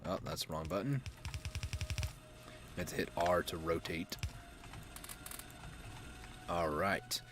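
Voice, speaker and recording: A man's voice: low voice, fairly even intonation, takes it slowly, pauses often, a bit bright, slight background noise. A man giving casual gameplay commentary, rambling and mocking himself, chuckling often. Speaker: gaming YouTuber.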